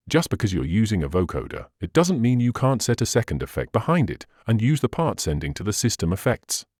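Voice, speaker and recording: A man's voice: lowish voice, a little mellow, dry recording, studio quality. A man hosting a synthesizer tutorial, patiently walking through settings step by step with slightly non-native phrasing. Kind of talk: instructional screen walkthrough.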